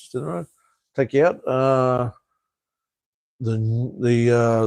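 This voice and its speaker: A man's voice: fairly low pitch, a little mellow, dry recording. A middle-aged Australian man hosting a casual live stream, chatting with viewers as mate and brother and swearing freely. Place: home in Cambodia.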